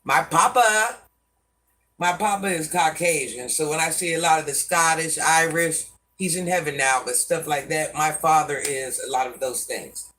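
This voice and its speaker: A woman around sixty with a deep voice, a live-stream host giving life advice to viewers in a folksy way, calling them baby and hun and calling herself Granny. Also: steady tone, moderate pace, hardly any pauses, a bit bright, far from the mic.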